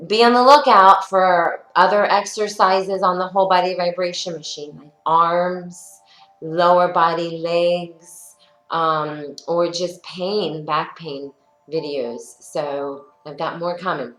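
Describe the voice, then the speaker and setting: A woman's voice: fairly low pitch, steady tone, slow pace, fairly bright tone. A woman leading a home workout as a fitness instructor, upbeat and encouraging, chatting and telling stories between cues. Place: her workout studio, indoors. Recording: echoey room with faint music.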